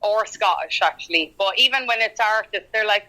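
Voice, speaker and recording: An Irish woman in a casual podcast chat, talky and quick to laugh, with lots of fillers. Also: medium pitch, pushed and bright, rough recording. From Ireland. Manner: chatty, laughs often, halting with fillers. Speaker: guest singer-songwriter.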